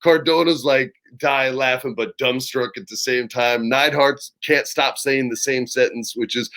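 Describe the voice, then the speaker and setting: A man in his forties, the guest of an interview, telling lively, laughing anecdotes in casual chat. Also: mid-range voice, a little slow, hardly any pauses. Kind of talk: casual storytelling.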